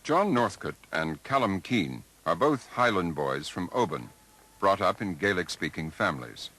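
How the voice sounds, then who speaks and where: A man giving measured, deliberate scripted documentary narration. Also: low-pitched, big pitch swings, noisy background.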